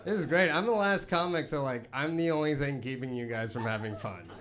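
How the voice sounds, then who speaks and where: Talking fairly quickly with hardly a pause, this young stand-up comic has a mid-range voice and a rambling, self-deprecating delivery packed with restarts and fillers. The live set was captured on a handheld mic in a basement comedy club, with the audience laughing.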